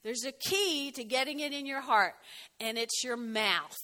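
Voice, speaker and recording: A woman pastor preaches in a high, bright voice, animated and chatty, teasing her congregation between points. The sound carries a long reverb from the church hall around her. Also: a little slow. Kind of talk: lively sermon. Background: congregation shouting out.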